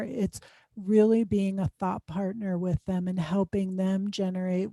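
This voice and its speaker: A woman's voice: mid-range voice, little pitch movement, measured pace, mellow, no echo. A woman speaking as a guest expert in an interview, explaining advice conversationally with frequent "um" fillers. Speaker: guest expert on student success.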